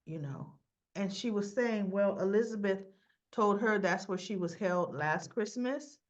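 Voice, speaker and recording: A chatty, opinionated woman in a casual recap. Her voice sits at an ordinary middle pitch, and she keeps slipping into the characters' lines. The sound is a little dull, as if recorded at home on a computer. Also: unhurried. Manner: chatty and opinionated, retells scenes acting out lines. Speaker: soap opera recap host. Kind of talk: casual chat.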